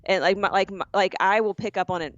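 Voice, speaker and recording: A woman from the southern United States co-hosting a podcast, loud and chatty in casual conversation. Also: mid-range voice, no room sound. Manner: loud, chatty, quick to react. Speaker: podcast co-host. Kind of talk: casual chat. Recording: slightly dull dry sound.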